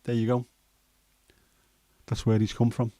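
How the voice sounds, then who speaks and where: A man in his fifties with a Scouse accent and a hoarse throat, hosting a casual chat livestream in a rambling, jokey way with many fillers. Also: mid-range voice, monotone, a little slow, dark tone, no echo. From Liverpool, England. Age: 50s. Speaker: livestream host.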